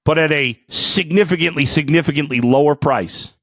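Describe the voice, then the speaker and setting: A man hosting a sports podcast, ranting angrily and swearing, with outbursts that drop to low muttering. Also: moderate pace, no room sound, clean studio sound. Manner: fiery, profane, swings between shouting and muttering. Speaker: sports talk podcast host. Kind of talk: angry sports rant.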